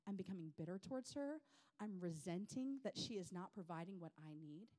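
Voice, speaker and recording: A woman, telling personal stories in an animated, self-deprecating way to a women's gathering. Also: on the low side, a little fast. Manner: animated, self-deprecating, chatty with many fillers. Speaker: women's ministry speaker. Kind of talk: personal storytelling talk.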